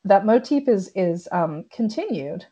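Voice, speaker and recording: A woman hosting a casual podcast discussion, animated and acting out quoted lines as she talks. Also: mid-range voice, measured pace, breathy edge. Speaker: podcast host.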